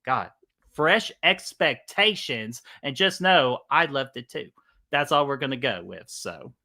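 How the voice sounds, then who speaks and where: A man's voice: medium pitch, big pitch swings, moderate pace, vocal fry, sharp tone. A man with a Southern US accent hosting a casual live stream, greeting chat by name, laughing and swearing casually.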